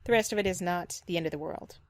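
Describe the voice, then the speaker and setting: A woman's voice: fairly low pitch, fast, dry recording. Dry-voiced woman dog trainer critiquing firmly. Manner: critical and explanatory, repeats points firmly. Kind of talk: reaction video commentary.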